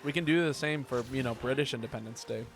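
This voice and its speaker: A man's voice: medium pitch, fast, over music. A man streaming a game, chatting casually and joking with viewers as he plays. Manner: relaxed, joking, reads chat aloud. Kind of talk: casual gameplay chat with viewers.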